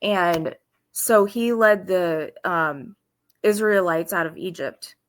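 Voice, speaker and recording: A woman giving informal devotional teaching in an earnest, halting way, with pauses and restarts. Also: on the low side. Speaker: faith video host.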